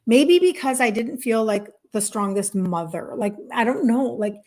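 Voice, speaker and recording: Woman, 50s, health coach on a live stream; fairly high voice, chatty, emphatic, repeats herself. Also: lively intonation, normal speed, darkish tone. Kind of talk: casual live-stream talk to viewers.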